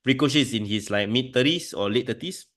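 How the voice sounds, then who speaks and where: A man's voice: medium pitch, fast talker, a bit bright. A man, co-hosting a casual wrestling podcast chat with easygoing, chuckling asides. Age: 30s. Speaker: podcast co-host.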